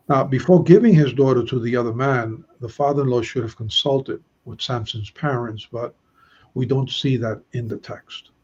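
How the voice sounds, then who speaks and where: Man, Bible study teacher, husky voice, dull lo-fi stream audio. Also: medium pitch, darkish tone. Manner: explains Hebrew grammar slowly, stressing key words.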